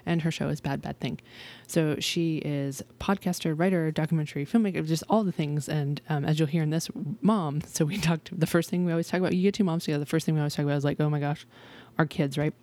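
A woman's voice: deep voice, steady tone, quick pace, few pauses, dark tone. A chatty woman in her thirties hosts her own podcast. She talks in a bubbly, rambling way, with lots of "um" and "like". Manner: chatty, bubbly, frequent laughs and fillers. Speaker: podcast host. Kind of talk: casual podcast intro and interview.

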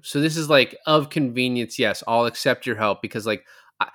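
A man's voice: mid-range voice, normal speed, a bit bright. A man co-hosting a casual movie podcast, retelling scenes and acting out the lines, swearing casually. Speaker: podcast co-host. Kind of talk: casual movie review chat.

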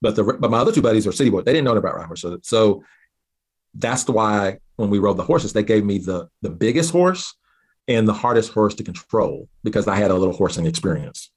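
A man from southeastern Oklahoma, a guest earnestly telling a personal story with halting restarts. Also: fairly low pitch, expressive, breathy edge. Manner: earnest, halting restarts, slows down at key moments.

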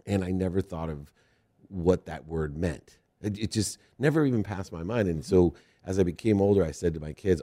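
A man's voice: low voice, moderate pace, warm tone. A middle-aged man from Ohio, hosting a podcast interview and telling rambling, earnest stories. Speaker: podcast host. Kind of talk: conversational interview.

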